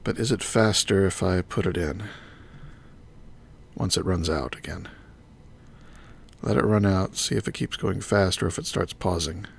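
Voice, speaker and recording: A man's voice: deep voice, unhurried, gravelly, long pauses, slight background noise. A man streaming a game live, thinking aloud and muttering item names as he works. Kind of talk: live gameplay commentary.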